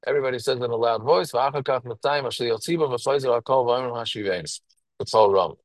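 A man's voice: mid-range voice, fast talker, no room sound, poor audio. A man with a who teaches a text line by line, each phrase and then explaining it in plain English. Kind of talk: reading and translating a Hebrew text line by line.

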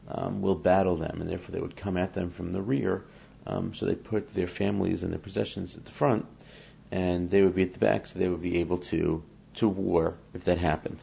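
A man's voice: sits low, vocal fry, warm tone, lo-fi sound, a little hiss or hum. A man teaching a scripture lesson, reading Hebrew verses and explaining each one in English while acting out the speakers in the text. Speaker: Torah teacher.

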